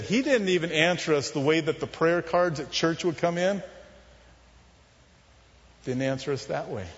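A man telling a personal testimony as a sermon, in an earnest, confessional storytelling manner that often drops soft and low. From Southern California. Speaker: preacher telling his testimony. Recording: muffled, with long hall reverb.

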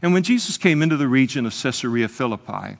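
A man delivers a sermon in an earnest, talk-like manner and often stops with small hesitations. His voice sits at an ordinary male pitch. A long reverb trails after it, as in a large hall. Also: sing-song, quick pace, gravelly. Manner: earnest, conversational preaching with frequent "uh" hesitations. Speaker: pastor. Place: church service, evening.

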